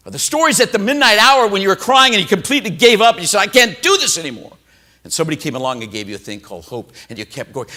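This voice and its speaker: Man, motivational keynote speaker, higher voice, bright and forceful, big swings in pitch, crowd-engaging. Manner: animated, exclaiming, asks the crowd questions. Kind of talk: keynote speech to a live audience. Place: hotel event hall.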